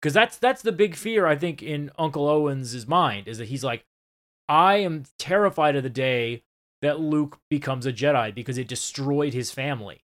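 A man co-hosting a casual podcast, recapping a show with animated, swearing retellings. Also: on the high side, normal speed. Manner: animated, swearing, acts out scenes in quoted voices. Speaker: podcast co-host.

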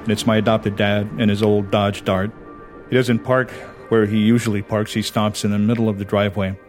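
A man from Hawaii telling a personal ghost story in a measured, dramatic, conversational way. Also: fairly low pitch, level tone, a little mellow. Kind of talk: spoken storytelling. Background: music.

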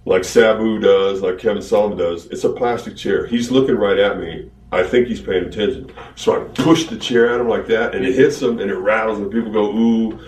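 Low-voiced guy rambling through an old ring story, roomy echo, sounds far off from the mic. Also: fairly quick, hardly any pauses, slight background noise. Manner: rambling, animated retelling. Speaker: wrestler telling a story. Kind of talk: casual storytelling. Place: archived interview played on a podcast.

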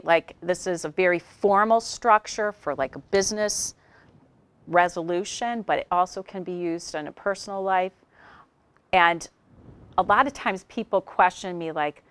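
A woman trainer explains workplace communication in a casual, conversational manner, slipping into quick example dialogues. Her voice sits slightly low for a woman. The sound is dry, with almost no room around it. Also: a bit bright, no room sound. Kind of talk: instructional talk.

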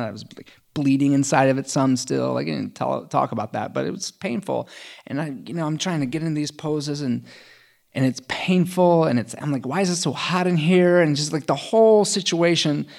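A man's voice: mid-range voice, vocal fry. A middle-aged man telling a personal story in casual conversation, chatty with lots of fillers and self-mocking humor.

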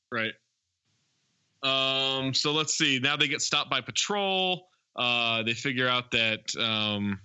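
Bright-voiced man recapping a movie. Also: mid-range voice, no room sound. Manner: rambling plot recap with fillers. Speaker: podcast co-host. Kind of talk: casual chat recapping a movie.

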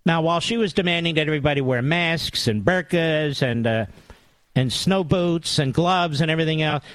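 A man's voice: on the high side, moderate pace, fairly bright tone, dry recording. A man hosting a talk radio monologue, sarcastic and mocking, with big theatrical swings in tone.

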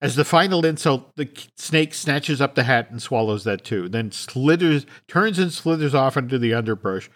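A man reading a film script aloud to his podcast co-hosts, telling it with animated restarts. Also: medium pitch, moderate pace, hardly any pauses.

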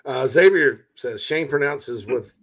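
A man hosting a casual sports talk show, reading viewer comments in a relaxed, rambling way. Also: medium pitch, unhurried.

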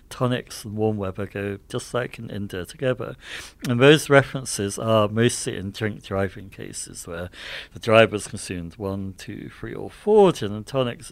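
Low-voiced man, thoughtful and dry. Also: vocal fry, dry recording. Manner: thoughtful, with hesitant fillers. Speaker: guest historian. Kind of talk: interview clip, explaining history.

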